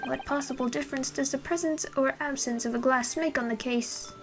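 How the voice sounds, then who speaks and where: A woman's voice: high voice, fairly even intonation, fairly quick. A woman voicing a haughty, scornful young male prosecutor in a video game, with a put-on British accent and a dismissive, sneering manner. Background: game music.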